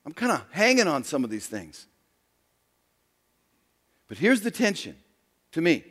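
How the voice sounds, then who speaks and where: Animated preacher with a high, lively voice. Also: male voice, measured pace, slightly rough, big-room sound. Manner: dramatic, swings from loud emphasis to hushed near-whispers. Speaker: pastor. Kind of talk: sermon.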